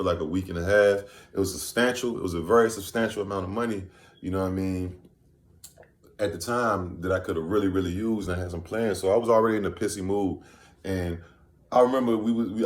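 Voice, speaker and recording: A man from Virginia telling a story casually to camera, loose and rambling, often saying "you know what I'm saying". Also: deep voice. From Virginia, USA. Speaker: vlogger. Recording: echoey room.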